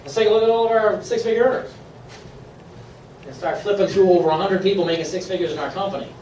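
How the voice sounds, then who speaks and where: A man from Maine giving an upbeat, persuasive sales pitch to a live room, laughing often. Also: fast, darkish tone, roomy sound, distant mic, slight background noise, poor audio. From Maine, USA. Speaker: presenter at a sales meeting. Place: meeting room.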